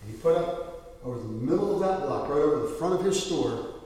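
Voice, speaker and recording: A man's voice: fairly high pitch, lively intonation, fairly quick, darkish tone. A man preaching as pastor, moving from scripture reading into loose, filler-laden storytelling. He is heard from far off the mic. A long, roomy echo fills the church around him. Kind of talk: sermon. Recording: echoey church hall from far off.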